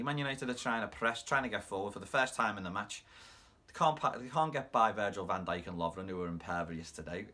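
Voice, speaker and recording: A man with a Scouse accent hosting a football fan channel, recapping a match with animated, rapid play-by-play commentary. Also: sits low.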